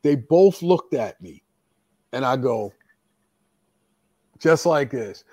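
A man telling wrestling stories in casual chat, animated, acting out what others said. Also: medium pitch, slow pace, husky, no echo, clean studio sound. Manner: animated, acts out quotes, laughs often.

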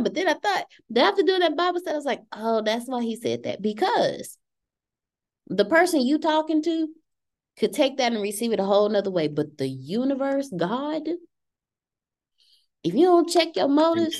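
Woman in her 30s hosting a podcast chat, swoopy lively voice, acts out voices. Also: sits high, moderate pace. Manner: animated, acts out quoted voices. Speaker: podcast host. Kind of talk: casual group discussion.

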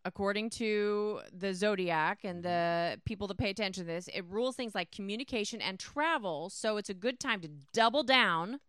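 Bright, smooth-voiced female co-host. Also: mid-range voice, normal speed, hardly any pauses, dry recording, studio quality. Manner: explains topics, laughs along. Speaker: podcast co-host. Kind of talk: casual talk-show banter.

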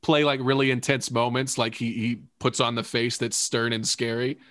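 A man talking casually and excitedly, swearing freely and breaking into laughter. His voice sits at a middle pitch. The recording is dry and close, with no room sound. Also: moderate pace, no room sound. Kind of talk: casual chat about a TV episode.

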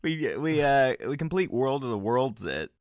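A man chatting casually at a desk microphone as he watches a movie, tossing out joking, animated asides. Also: mid-range voice, moderate pace, dry recording, studio quality.

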